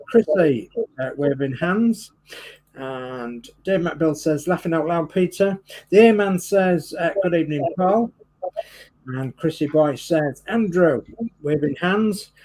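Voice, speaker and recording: A man's voice: on the high side, poor audio. A man co-hosting a live stream, reading out viewers' greetings in a friendly way. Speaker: livestream co-host.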